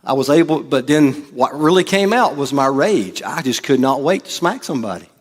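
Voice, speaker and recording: A man's voice: medium pitch, animated, moderate pace. A man preaching a sermon as pastor, in a casual, joking way and acting out quotes. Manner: conversational preaching with jokes and acted-out quotes. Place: church.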